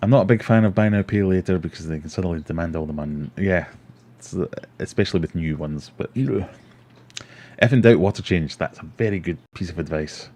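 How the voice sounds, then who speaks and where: With a deep, dark-toned voice and a brisk delivery, a middle-aged Scottish man hosts a casual livestream. He rambles chattily and reads out comments from his viewers.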